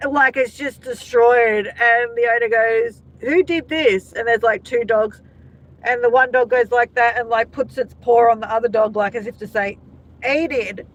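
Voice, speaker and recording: A woman's voice: on the high side, little pitch movement, moderate pace, rough recording. An Australian woman hosting a casual live chat, laughing often and talking to her viewers by name. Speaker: livestream host.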